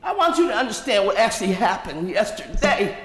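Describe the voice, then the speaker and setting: A woman's voice: medium pitch, big pitch swings, fairly quick, a little hiss or hum. A woman from Pittsburgh giving an angry, impassioned public comment to city council members, speaking into a podium microphone. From Pittsburgh, USA. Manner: angry, indignant, confronting council members directly. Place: large council chamber. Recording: echoey hall with long reverb.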